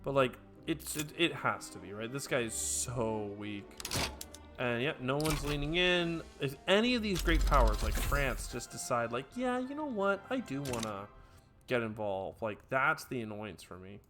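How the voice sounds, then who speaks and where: A man narrates his strategy game as he plays, switching between loud, excitable hype and low asides to himself. Game music plays clearly under his voice the whole time. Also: moderate pace. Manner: excitable, hyped outbursts dropping to mutters. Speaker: let's play gamer. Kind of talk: gameplay commentary. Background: game background music.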